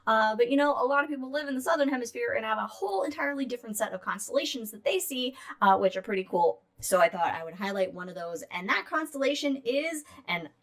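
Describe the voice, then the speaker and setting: A woman's voice: a little high, a bit bright. A woman co-hosting a podcast in casual chat, rambling and playful, with some swearing. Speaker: podcast co-host.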